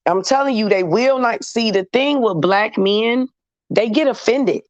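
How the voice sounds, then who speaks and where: A woman's voice: fairly high pitch, unhurried, no echo. A blunt, candid woman speaking, chatting loosely with viewers and slipping into slang. The sound is dry and close, with a dull, slightly muffled tone. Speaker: host talking to viewers. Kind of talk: casual chat to a live audience.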